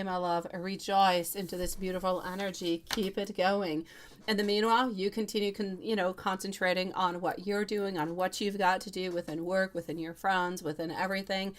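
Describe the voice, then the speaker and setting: A woman's voice: lowish voice, a little hiss or hum. A middle-aged woman giving a live-stream tarot reading, calling the viewer sweet love and reading cards to them. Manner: warm, endearing, chatting with viewers. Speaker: tarot reader.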